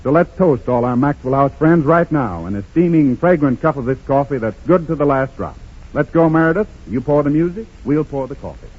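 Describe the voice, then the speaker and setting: A man announcing and reading a sponsor message with smooth, formal delivery on 1930s radio. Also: fairly high pitch, expressive, brisk. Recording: tinny 1930s radio broadcast with faint music.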